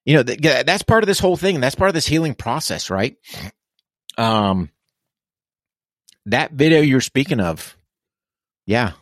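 A man's voice: medium pitch, lively intonation, a little slow, pauses often, no room sound, clean studio sound. A military veteran man speaking candidly as a podcast guest, blunt and earnest. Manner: blunt, earnest, swears casually.

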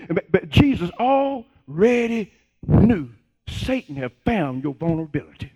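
A male pastor preaching a sermon, calling and responding with the congregation and rising to shouts. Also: sits high, very animated, a little slow, muffled recording.

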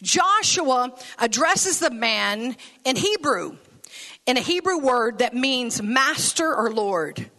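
Bright-voiced woman preaching a lively sermon. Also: high-pitched, takes it slowly. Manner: lively, laughing asides, folksy phrasing.

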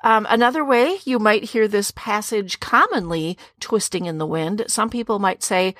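A middle-aged woman teaches scripture on a podcast in an earnest, direct way, talking straight to her women listeners. Her voice sits at an ordinary middle pitch. It is recorded close and dry, with no room sound. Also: moderate pace, hardly any pauses, a bit bright, no echo.

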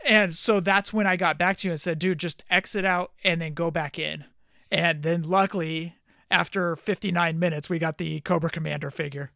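A man's voice: a little high, steady tone, normal speed, vocal fry, pushed and bright, no echo, clean studio sound. A man co-hosting a podcast, telling a funny story in casual chat, reading out text messages and laughing as he goes. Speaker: podcast co-host.

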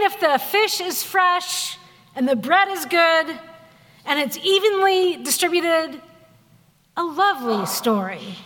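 A woman pastor giving a sermon in a conversational, wry storytelling way, acting out quotes with lively voices. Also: high voice, long reverb tail. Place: church sanctuary.

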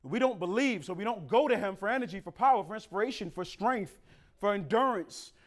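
A man preaching a sermon as pastor, conversational with street slang and sudden loud emphatic rises. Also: high voice, animated, brisk.

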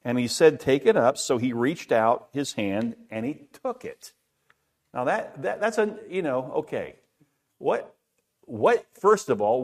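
A middle-aged man preaching a sermon in a conversational way, asking rhetorical questions and often repeating words. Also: medium pitch. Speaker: pastor.

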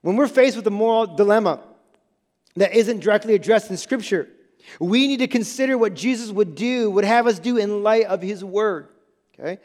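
This male pastor's voice sits high and a little mellow, moving at a normal speed. He preaches emphatically in the sanctuary, repeating key phrases and checking that the congregation is with him, while music and long reverb fill the church hall.

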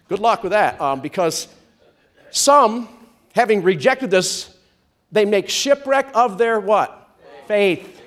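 A man with a high-pitched voice gives an animated sermon to a church crowd, alternating loud comedic bursts with softly whispered storytelling.

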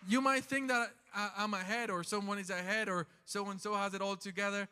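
A man preaching a sermon in a church, impassioned, swinging from loud calls to quiet talk. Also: sits high, steady tone, moderate pace, smooth, long reverb tail. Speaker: pastor. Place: church sanctuary.

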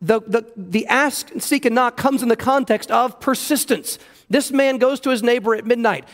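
A man's voice: very high voice, moderate pace, fairly bright tone. A pastor preaching an earnest sermon, emphatic and repeating words as he stresses his points. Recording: long hall reverb.

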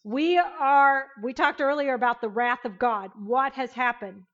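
A woman teaching an interactive Bible lesson, emphatic and animated, questioning her class. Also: high-pitched, measured pace, dull audio.

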